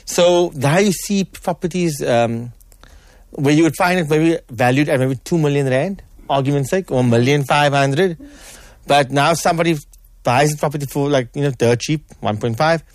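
A man's voice: fairly high pitch, normal speed, no echo, clean studio sound. A man talking as a guest on a radio show, conversational and joking, full of fillers and restarts. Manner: conversational, lots of fillers and repeats, jokey. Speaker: guest on property market. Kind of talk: radio interview. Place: radio studio. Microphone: studio microphone.

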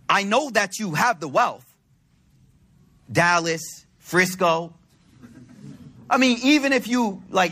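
A man's voice: high voice, animated, measured pace, pushed and bright. A man giving a religious talk to a congregation in a conversational, slangy storytelling way. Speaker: religious speaker.

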